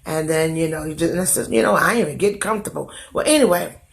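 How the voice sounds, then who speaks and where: A woman's voice: sits low, fast talker, gravelly. A woman hosting a casual livestream from her phone, her voice going from a cold, singing greetings and chatting in a rambling way. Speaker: live stream host. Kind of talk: casual live stream chat.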